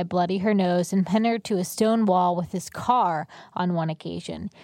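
A woman reads case notes aloud at a steady, even pace. Her voice sits in the middle range, and the sound is close and dry. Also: mid-range voice, no room sound. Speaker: podcast co-host. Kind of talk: reading aloud.

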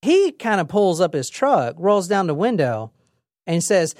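A young adult woman hosting a casual true crime podcast, telling the story in a lively, chatty way with swearing and acted-out quotes. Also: lowish voice, a little slow, no echo, clean studio sound. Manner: lively, swearing, laughs often, acts out quotes. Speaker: podcast host.

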